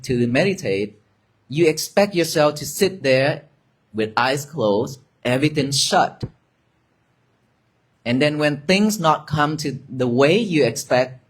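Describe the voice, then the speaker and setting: Slow gentle-voiced meditation teacher, man. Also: fairly high pitch. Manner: slow, gentle, repetitive instructions. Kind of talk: guided meditation talk.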